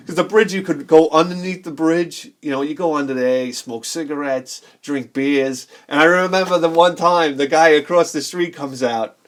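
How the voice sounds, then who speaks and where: A man in his forties, a game collector telling rambling childhood stories while showing his games, laughing often and acting out the people he quotes. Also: fairly high pitch. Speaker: video game collector vlogger.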